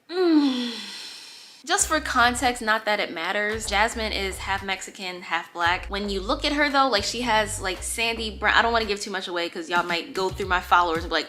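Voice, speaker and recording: A young woman telling a dating story in a casual, animated way, acting out the quotes and swearing freely. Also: mid-range voice, moderate pace, soft background music. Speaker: storytime vlogger.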